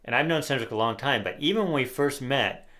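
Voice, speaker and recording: A man's voice: mid-range voice, lively intonation, a little fast, pushed and bright. A middle-aged man co-hosts a casual political talk show in an opinionated tone. His voice sits at an average height, and he reads quotes aloud with a sarcastic edge. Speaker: podcast co-host.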